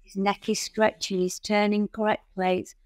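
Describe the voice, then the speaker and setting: A woman guest on a podcast interview, telling stories in an animated way and acting out the people in them. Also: mid-range voice, moderate pace, smooth, dry recording. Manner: animated storyteller who acts out the people in her stories. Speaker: guest, founder of a riding centre.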